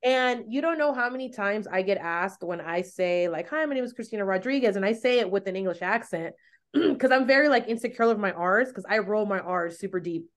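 A woman's voice: mid-range voice, expressive, normal speed. A woman podcast host, raised in the United States with Spanish as her first language, talking in a chatty way full of likes and you-knows. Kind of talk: casual chat.

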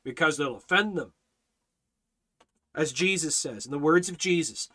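A man teaching a Bible study in a fiery preaching style, hammering his points with repeated phrases and rising to near shouts. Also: on the high side, normal speed.

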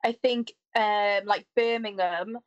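A woman's voice: medium pitch, steady tone, slow pace, highs cut off. A woman in casual chat, rambling with lots of fillers. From near Wrexham, Wales. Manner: rambling, filler-heavy chatter.

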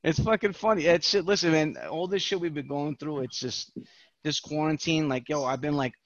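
A man's voice: a little high, fairly even intonation, moderate pace, dry recording, highs cut off. A man from New York, a podcast host, telling rambling profane stories in casual chat.

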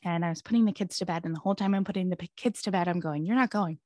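A woman's voice: lowish voice, steady tone, racing, warm tone, no echo, clean studio sound. A woman in her thirties, a podcast guest, telling a candid personal story in an earnest, rambling way, often breaking into nervous laughter.

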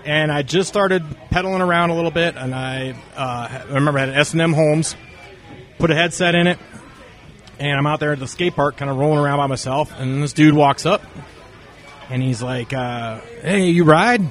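Animated man telling BMX stories. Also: a little high, a little fast, faint music behind. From North Carolina. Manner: animated, acts out quoted dialogue. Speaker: interview guest. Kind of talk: casual storytelling.

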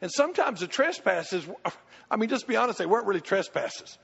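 High-voiced older pastor. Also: male voice, brisk, gravelly, breathy edge. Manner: animated storytelling, acts out quoted voices. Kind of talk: church Q&A teaching. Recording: muffled hall recording.

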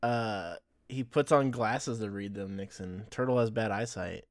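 A man's voice: lowish voice, measured pace, no echo, studio quality. A man hosting a podcast, casually recapping episodes and laughing often as he tells the story. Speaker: podcast host.

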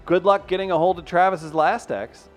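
A man's voice: high voice, fairly even intonation, moderate pace, faint music behind. A man hosting a comedy show, roasting his co-hosts in casual banter. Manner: joking, roasting. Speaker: radio show host.

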